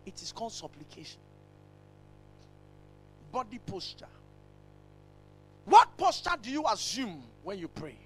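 A man preaching a sermon, emphatic and repetitive, swinging between shouted lines and hushed asides. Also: high voice, big pitch swings, a little slow, pauses often, slightly rough, poor audio. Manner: repetitive, rhetorical.

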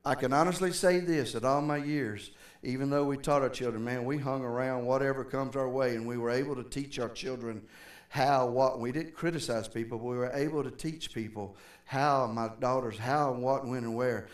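A man's voice: mid-range voice, brisk. A middle-aged man, preaching a sermon as pastor and speaking conversationally while calling out to the congregation. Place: church sanctuary. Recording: roomy church from a distance.

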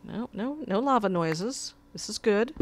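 A woman hosts a casual gameplay video, chatting her way through it in an unhurried drawl. She talks to her cat between moves. A faint hiss and some clicks sit under her voice. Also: medium pitch, animated. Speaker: let's play host.

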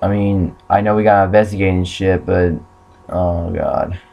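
A man's voice: low-pitched, fairly even intonation, moderate pace, creaky, muffled recording. A young man commenting on a horror game playthrough, swearing often and yelping when startled. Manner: swears a lot, jumpy and startled. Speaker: gamer.

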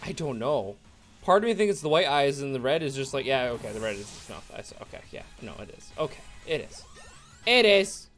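A man's voice: medium pitch, big pitch swings, brisk, a bit bright, soft background music. A man giving casual, rambling let's play commentary, sarcastic and chatty with viewers. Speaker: gaming YouTuber.

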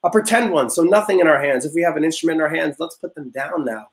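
A young man teaching a music class, leading vocal warm-ups in an upbeat, encouraging way and explaining step by step. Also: a little high, quick pace. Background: guitar notes played under the talk.

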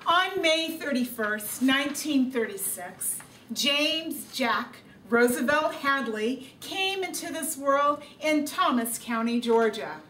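Woman doing first lady, high voice, slow earnest reading, echoey room, distant mic. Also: animated, a bit bright, a little hiss or hum, full character voice. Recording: roomy room sound from a distant camera.

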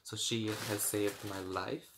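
Young guy rambling through a clothes haul, says like a lot, voice a bit on the low side. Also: steady tone, takes it slowly, background noise. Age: young adult. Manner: rambling, chatty, lots of "like" fillers. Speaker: fashion vlogger. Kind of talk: casual try-on haul chat.

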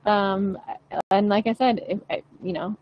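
A woman's voice: mid-range voice, steady tone, a little slow, darkish tone, low-quality recording. Frank, playful woman singing teacher. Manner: chatty, frank, playful, swears casually. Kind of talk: casual livestream voice lesson.

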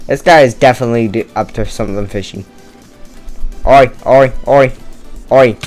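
A man's voice: medium pitch, moderate pace, a little mellow, soft background music. Tired, rambling young man gaming. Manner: rambling, chatty, swears, jokes at himself. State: tired, no caffeine. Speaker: gamer playing a murder mystery game. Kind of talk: casual let's-play commentary.

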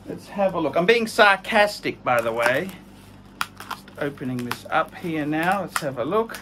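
A middle-aged man hosting his own vlog, chatting casually through a live unboxing, excitable and humming to himself as he opens a parcel. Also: a little high, a little slow, noisy background. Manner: excitable, hums while working, mock-sarcastic. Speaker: vlog host.

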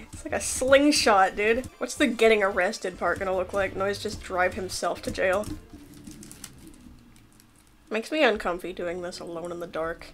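Excitable young woman gaming commentary. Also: medium pitch, measured pace, long pauses. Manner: excitable, laughing, swearing, yelps in panic. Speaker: gameplay commentator. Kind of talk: casual let's-play commentary.

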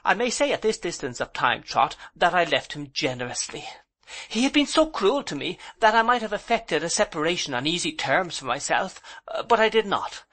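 A man's voice: sits high, sing-song, moderate pace, a bit bright, pitched above the performer's own voice, full character voice. A man reading an audiobook, voicing a proud older aunt who is indignant and emotional. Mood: rueful. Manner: emotional, reproachful, then composed and rueful. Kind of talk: audiobook character voice.

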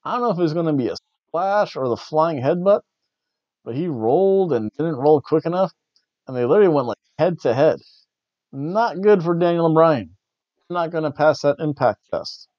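Rambling, wry wrestling review host. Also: male voice, fairly high pitch, animated, moderate pace, no room sound, muffled recording. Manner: wry, rambling, jokey asides. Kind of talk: casual review chat.

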